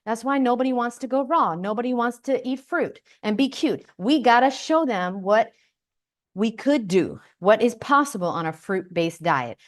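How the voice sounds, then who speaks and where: A woman's voice: on the high side, lively intonation, normal speed. A woman hosting a casual livestream, talking brashly and playfully with plenty of swearing and chatting directly with her viewers on a close microphone. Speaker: livestream host.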